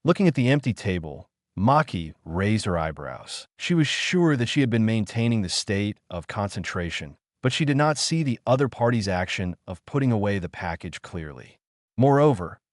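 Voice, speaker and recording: A man's voice: on the low side, sing-song, moderate pace, no room sound, studio quality. A man narrating an audiobook of a translated novel in a plain reading manner.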